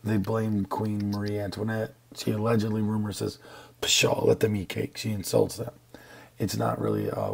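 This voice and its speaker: Male teacher, gravelly low voice, husky, casual joking lecture. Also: darkish tone. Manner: casual and joking, with slang asides. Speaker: history teacher. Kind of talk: classroom lecture over slides.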